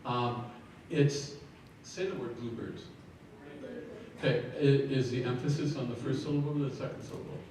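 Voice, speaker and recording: A man leading a choir rehearsal, giving brisk feedback on phrasing and breathing, counting the singers in and singing short sample phrases. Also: medium pitch, steady tone, darkish tone. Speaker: choir clinician. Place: large echoey rehearsal hall. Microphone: room recording from a distance. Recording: echoey hall from far off, faint noise.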